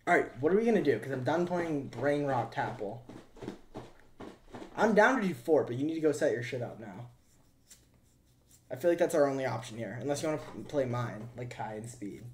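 Loud excitable young streamer guy. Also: mid-range voice, fairly quick, long pauses. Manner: loud, excitable, swearing, thanking chat. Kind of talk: casual live-stream chat.

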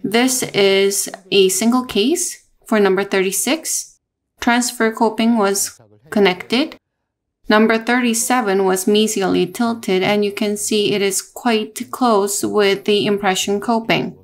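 A woman narrating a technical dental lesson in a measured, explanatory way, with small restarts. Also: mid-range voice, steady tone. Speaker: dental lecturer.

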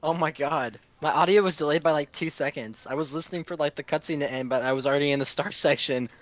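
A man's voice: on the high side, fast talker. Speedrunner man, dry corrections, dull lo-fi mic sound. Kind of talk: casual gaming chat.

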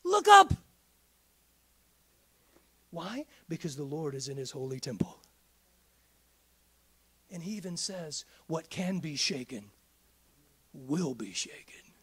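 A man preaching a midweek sermon in a church, swinging from hushed whispers up to shouts. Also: a little high, animated, a little slow, pauses often, slightly rough. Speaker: pastor.

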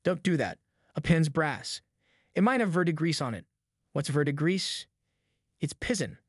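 A man's voice: a little high, lively intonation, a little slow, husky, no echo, studio quality. A man voicing two frightened backwoods boys who whisper in a rustic drawl. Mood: scared whisper. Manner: rustic dialect drawl, hushed and fearful.

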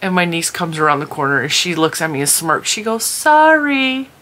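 A woman's voice: low voice, fairly even intonation, fast, pushed and bright. A woman vlogger chatting casually to the camera at home, telling family stories with lots of laughter, tired and yawning. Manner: chatty storyteller, laughs often. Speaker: crochet vlogger.

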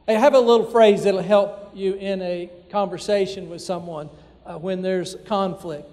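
Recorded with long reverb in a church sanctuary, this sermon comes from a pastor whose voice is very high yet dark in tone. He talks conversationally, leaning often on filler words.

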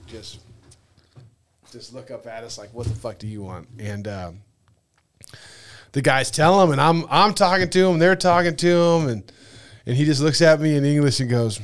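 A man telling a travel story on a podcast in casual chat, swearing often and acting out the people he met. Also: medium pitch. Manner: animated, profane, acts out dialogue. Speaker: podcast guest.

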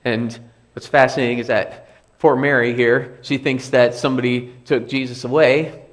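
A pastor giving a sermon in a church, speaking conversationally and repeating key phrases for emphasis. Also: male voice, mid-range voice. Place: church sanctuary.

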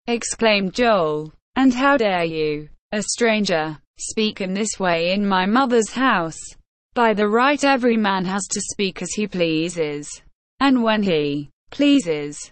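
Woman narrator, audiobook reading, slow deliberate pace, dry close sound. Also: medium pitch, dry recording. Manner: measured, unhurried reading. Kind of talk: audiobook reading of a classic novel.

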